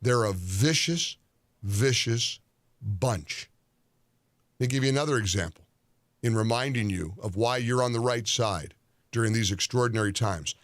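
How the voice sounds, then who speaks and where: A man delivering an indignant political commentary monologue with deliberate, stressed phrasing. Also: medium pitch, no echo, clean studio sound.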